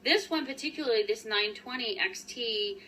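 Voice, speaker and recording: A woman's voice: on the high side, normal speed, bright, forceful tone, far from the mic, a little hiss or hum, low-quality recording. A woman in her forties, a running coach, chatting casually and upbeat to live viewers with lots of ums and restarts.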